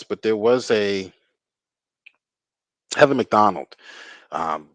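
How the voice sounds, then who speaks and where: A man's voice: sits low, no echo, rough recording. Older male host, opinionated commentary, sardonic, dry close sound. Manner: sardonic, argumentative.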